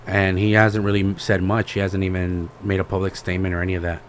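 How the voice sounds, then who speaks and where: Very deep-voiced laid-back podcast guy. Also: completely flat delivery, fast talker, a little hiss or hum. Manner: rambling, laid-back retelling with lots of fillers; slangy, says "bro". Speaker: podcast co-host. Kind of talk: casual podcast chat.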